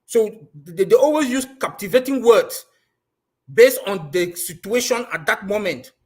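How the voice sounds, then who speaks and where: A man's voice: high-pitched, expressive, measured pace, breathy edge. A man speaking on an online group call, earnestly repeating warnings to be careful. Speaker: meeting speaker.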